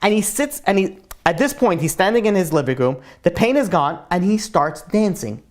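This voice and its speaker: A woman telling a story in a casual, chatty way, often saying "like" and clearing her throat. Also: on the low side, expressive, normal speed, a little mellow.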